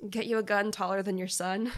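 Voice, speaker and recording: A woman co-hosting a film podcast in a relaxed, chatty way. She laughs easily and swears without a second thought, running through her notes with playful asides. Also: mid-range voice, brisk. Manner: laughs often, swears casually. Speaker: podcast co-host. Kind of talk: casual movie review chat.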